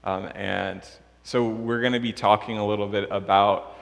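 A man preaching as a pastor, unhurried and pausing often with fillers, praying and reading scripture in a church. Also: on the low side, steady tone, creaky, fairly bright tone. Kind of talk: sermon with prayer and scripture reading. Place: church sanctuary. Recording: long church reverb.

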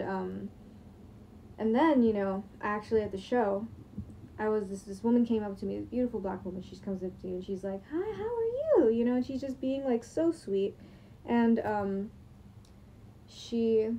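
A young woman talks in a sleep-deprived late-night ramble, full of fillers, restarts and the odd curse word. Her voice is very dark and mellow and stays fairly flat in pitch. She speaks into a computer's screen recording at home. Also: lo-fi sound, a little hiss or hum. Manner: rambling, many fillers and restarts, casual swearing. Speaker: vlogger.

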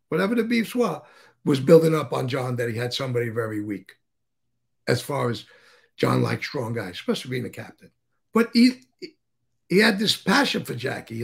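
A man's voice: a little high, gravelly. A man as an interview guest, telling stories casually in a rambling way, swearing freely and restarting sentences.

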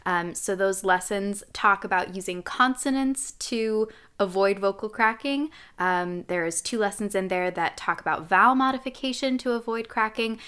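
A young adult woman teaching a live singing lesson as a vocal coach, explaining clearly and demonstrating sounds. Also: mid-range voice, a bit bright.

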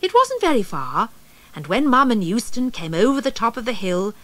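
A woman narrating a children's story tape in a slow, expressive reading voice. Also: a little high, no room sound.

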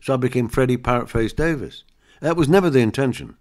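A man's voice: mid-range voice, fast talker, a little mellow. An older man, a comedian guest, chatting in an interview and telling anecdotes and jokes with frequent laughs. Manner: chatty storyteller, laughs often, acts out jokes.

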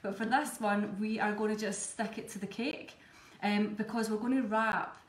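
A woman's voice: medium pitch, fairly even intonation, moderate pace. A woman with a Scottish accent, chatting her way step by step through a live cake-decorating demonstration. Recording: echoey room, faint background ambience.

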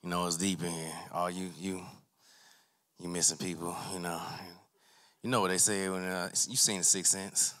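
Young guy w an aave rambling thru a standup set, lowish forceful voice. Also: level tone, normal speed. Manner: loose, rambling, acts out characters in loud voices. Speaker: stand-up comic. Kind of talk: open mic stand-up set. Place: small arts center stage with a live audience.

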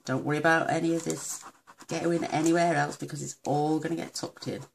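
A woman's voice: sits low, fairly even intonation, fairly quick, creaky, a little hiss or hum. A woman from the UK demonstrating a papercraft project step by step, chatty and affectionate as she works. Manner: chatty and affectionate, talks while working. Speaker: craft demonstrator. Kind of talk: casual crafting tutorial.

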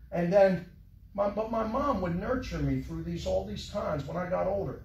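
High-voiced preacher man in echoey church. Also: normal speed, gravelly, recorded from a distance, lo-fi sound. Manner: emotional storytelling, voice dropping soft then rising. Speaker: pastor. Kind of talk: sermon. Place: church sanctuary.

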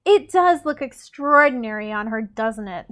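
A playful young crown prince, read aloud by a woman in a storybook reading. He teases in a dramatic, lightly drawled manner, in a somewhat high voice. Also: animated, moderate pace, fairly bright tone. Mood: teasing.

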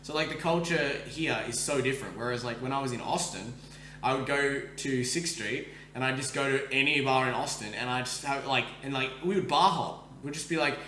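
An Australian man hosting a podcast, telling a story in fast casual speech full of likes, swearing and restarts. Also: medium pitch, pushed and bright, roomy sound, a little hiss or hum. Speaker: podcast host. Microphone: streaming microphone.

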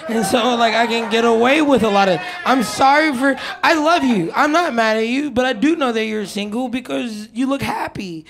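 Brash high-voiced male comic. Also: moderate pace, vocal fry, hardly any pauses. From Atlanta, USA. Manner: brash, cocky, crowd-teasing. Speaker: stand-up comedian. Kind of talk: stand-up set. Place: comedy stage. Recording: live club with loud crowd and noise.

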